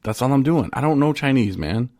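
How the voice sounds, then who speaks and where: A man's voice: mid-range voice, expressive, fairly quick, dark tone, no room sound, clean studio sound. A man co-hosting a casual podcast about recovery, joking and rambling, often cutting himself off mid-thought. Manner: joking, rambling, self-interrupting. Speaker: podcast co-host.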